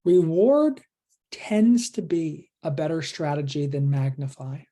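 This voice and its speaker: A woman presents an online workshop in a low-pitched voice. Her tone is mellow and warm, and she coaches earnestly, asking the audience question after question. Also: measured pace.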